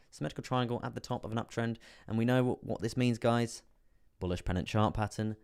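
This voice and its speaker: Monotone English man, low voice. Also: a little fast, smooth. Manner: chatty, laughs often, reads chat aloud. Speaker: crypto trading streamer. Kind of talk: casual live-stream chart analysis.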